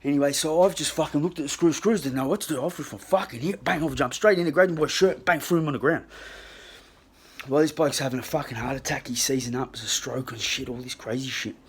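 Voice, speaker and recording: A man with an Australian accent telling a rambling, profanity-filled story into his phone in a casual, animated way. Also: mid-range voice, fast talker, husky. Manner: swears constantly, rambling and animated. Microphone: handheld phone.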